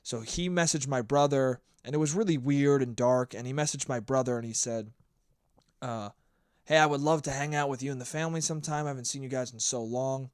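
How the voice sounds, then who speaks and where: A man's voice: medium pitch, a little fast, smooth, no room sound, studio quality. A young man hosting a solo podcast, telling stories in a blunt, profane rant. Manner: blunt, profane, ranting storyteller. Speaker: podcast host.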